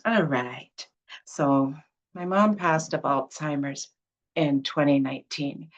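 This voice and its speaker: A woman poet introducing her poems at a reading, grateful and laughing between phrases. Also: deep voice. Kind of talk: poetry reading.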